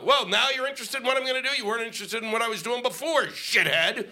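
Middle-aged male stand-up, profane exasperated rant, high lively voice, live-mic noise behind. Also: fast talker, gravelly, few pauses. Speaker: stand-up comedian. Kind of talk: stand-up comedy set. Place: stage before an audience.

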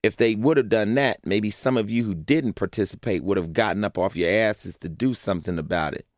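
A man's voice: lowish voice, a little fast, no echo, clean studio sound. A man narrating a personal essay in a blunt, profane way, often asking rhetorical questions. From Los Angeles, USA.

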